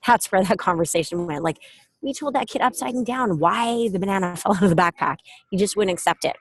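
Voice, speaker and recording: A middle-aged woman giving a casual motivational talk, telling stories with lively acted quotes, speaking from an airport. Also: mid-range voice, a little fast, dry recording. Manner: animated storytelling with acted quotes. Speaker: self-help speaker.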